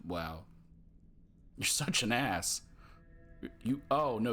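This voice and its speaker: Chatty gamer with a lively voice. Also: male voice, mid-range voice, slow, pauses often, soft background music. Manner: chatty, amused, reads dialogue options aloud. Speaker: gamer playing and commenting. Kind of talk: casual gameplay commentary.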